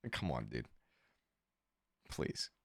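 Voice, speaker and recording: Here a streamer with a husky bass voice takes his time, his delivery slow and sing-song. He reads his chat aloud, swears often, and keeps his casual livestream commentary sarcastic. The studio sound is clean, with no room sound.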